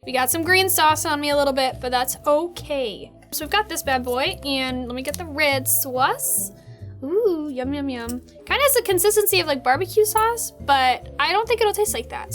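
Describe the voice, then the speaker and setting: A young woman hosting a casual food tasting vlog, bubbly and chatty, full of excited fillers. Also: high voice, moderate pace, soft background music. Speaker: host.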